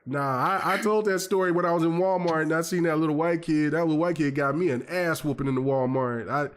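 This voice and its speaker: A man hosting a gaming podcast, telling stories in a lively, rambling way full of fillers and restarts. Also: on the high side, fast, smooth. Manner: animated storyteller, many fillers and restarts. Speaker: podcast host. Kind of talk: casual chat.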